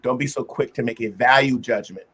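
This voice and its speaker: With a husky, mid-range voice and a brisk pace, this host of a casual group discussion speaks earnestly on self-reflection. He becomes animated when acting out examples.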